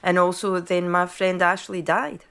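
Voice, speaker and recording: A Scottish woman with a fairly low voice chats on a podcast over a video call. She tells stories in a loose, conversational way and keeps checking in with her listeners. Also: flat delivery, measured pace, fairly bright tone, clear, resonant tone. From Scotland. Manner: chatty, storytelling, tags lines with "right?". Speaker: podcast co-host. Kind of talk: casual chat.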